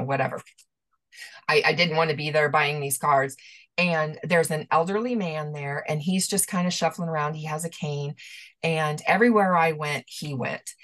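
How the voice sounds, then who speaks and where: A woman's voice: low voice, a bit bright. A middle-aged woman, a medium as guest, telling personal stories in a rambling, emotional way with many restarts. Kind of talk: conversational storytelling.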